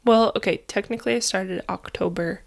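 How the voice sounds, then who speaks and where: A young woman co-hosting a podcast in casual chat, congested and phlegmy, chatty and quick to laugh. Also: mid-range voice, vocal fry. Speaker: podcast co-host.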